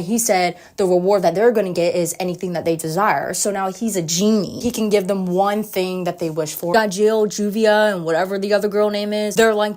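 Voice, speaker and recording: A woman's voice: lowish voice, a little mellow. A woman hosting a casual anime recap who talks in slang, swears and jokes. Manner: slangy, swearing, rapid, joking. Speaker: reaction video host.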